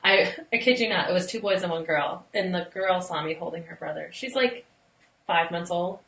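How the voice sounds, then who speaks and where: Woman host, kinda low voice, chatty storyteller, far from the mic. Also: moderate pace, vocal fry, a bit bright. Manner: chatty storyteller, laughs often. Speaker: interview host, former nanny. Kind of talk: casual interview. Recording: echoey room, distant mic.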